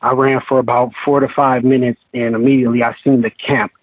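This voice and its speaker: A man's voice: mid-range voice, little pitch movement, husky, dry recording. Man telling a story over a tinny phone line. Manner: rambling, halting, many restarts and fillers. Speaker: guest telling his encounter. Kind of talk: casual storytelling interview.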